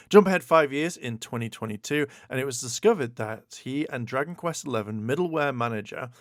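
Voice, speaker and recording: A man hosting a casual video, commenting on gaming news in an animated, exclaiming way with stammered repeats. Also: medium pitch, no echo, clean studio sound. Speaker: YouTube host.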